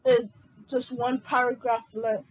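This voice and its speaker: A woman reading a comedy script aloud, halting and stumbling as she corrects herself. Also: on the high side, little pitch movement, poor audio. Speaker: comedy video maker.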